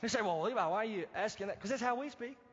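A male pastor preaching a sermon, swinging from loud to hushed and acting out quoted pleas. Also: animated, fast, breathy edge. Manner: acts out quoted pleas in a higher voice. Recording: dull lo-fi sound, long hall reverb.

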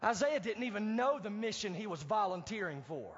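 Preacher guy, really high husky voice, booming then whispery, long church echo, kinda muffled. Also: very animated, fairly quick, few pauses. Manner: dynamic preaching, swings from loud to hushed; acts out quoted pleas in a higher voice. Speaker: pastor. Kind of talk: sermon. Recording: dull lo-fi sound, long hall reverb.

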